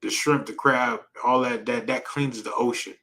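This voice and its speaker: A man's voice: mid-range voice, fairly even intonation, normal speed, pushed and bright, rough recording. A man teaching an informal Bible class in a casual, slangy way, often repeating himself and asking "right?" for agreement. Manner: repetitive, emphatic, slangy, asks "right?" often.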